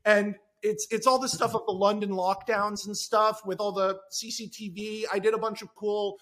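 A man on a podcast as a guest screenwriter, chatting casually in an excited, rambling way. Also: sits high, moderate pace. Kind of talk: casual chat.

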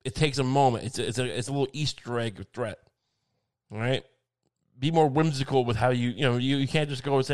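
A man's voice: mid-range voice, normal speed, smooth. A man doing a rambling, profane comic monologue, ranting and drifting from one subject to the next.

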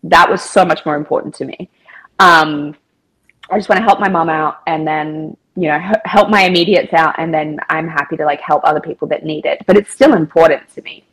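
A woman talks as a podcast guest, recounting events in a loose, chatty way. Her voice is husky and slightly breathy and sits on the lower side, and she fills her speech with casual filler words. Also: fairly quick, fairly bright tone, rough recording. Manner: chatty, with frequent filler words and quoted dialogue. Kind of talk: casual storytelling interview.

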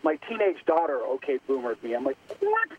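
A man calling in as a guest basketball writer, talking in an animated way with quick restarts. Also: mid-range voice, a little hiss or hum. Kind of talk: phone-in interview. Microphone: phone. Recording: tinny phone line.

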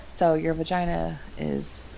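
A young mother chats casually and tells stories with animation, acting out the voices of others. Her voice is low with a gravelly fry. Faint background noise sits under her. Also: slow pace, rough recording. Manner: animated storyteller, acts out quotes in a higher voice. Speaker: mother of four sharing stories. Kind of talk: casual chat.

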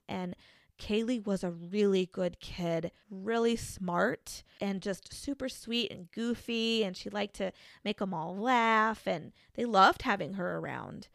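Woman co-host, casual true-crime storyteller, mid pitch, dry close sound. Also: vocal fry, no echo. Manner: conversational, frequent fillers and restarts. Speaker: podcast co-host.

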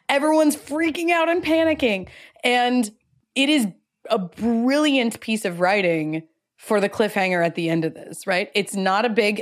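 Enthusiastic woman podcast co-host. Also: on the high side. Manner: enthusiastic, animated storytelling. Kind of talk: casual TV discussion chat.

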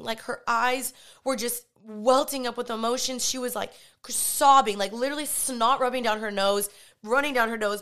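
A woman giving a personal faith testimony, retelling a conversation in an animated, earnest way and often quoting herself. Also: on the high side. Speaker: Christian vlogger and podcaster.

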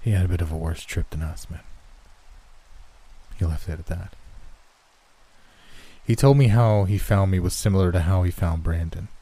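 A man reading a horror story aloud in measured scripted narration. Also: low voice, dark tone, slightly rough. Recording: rain and thunder sounds behind.

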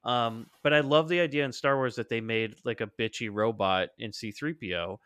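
Man, podcast guest, casual banter, bright tone, dry close sound. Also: mid-range voice, moderate pace, clean tone, no room sound. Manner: animated, joking, swears freely.

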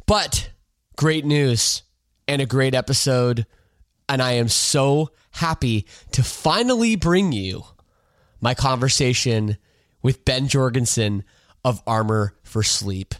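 A man's voice: mid-range voice, slow pace, no echo, studio quality. A middle-aged man with a congested, nasal voice hosting a podcast in a loose, chatty way, swearing casually and repeating words. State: congested, nasal from a sinus infection. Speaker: podcast host. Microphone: studio microphone.

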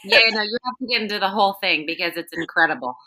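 A woman's voice: medium pitch, very fast, bright, forceful tone, rough recording. A woman hosting an interview, encouraging and affirming her guest. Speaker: host. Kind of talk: interview chat.

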